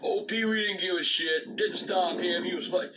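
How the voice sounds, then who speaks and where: A man's voice: high-pitched, normal speed, noisy background. An older man, telling a long profane story to camera, stumbling over repeated words and cursing constantly. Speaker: storyteller, channel host.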